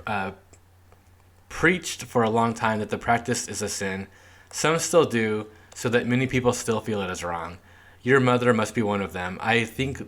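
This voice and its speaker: A man's voice: on the low side, a bit bright. A young man co-hosting a podcast, casually chatting and reading old newspaper clippings aloud with a loose, filler-heavy delivery. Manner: laid-back, reads clippings aloud with lots of "like". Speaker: podcast co-host. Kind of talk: casual chat.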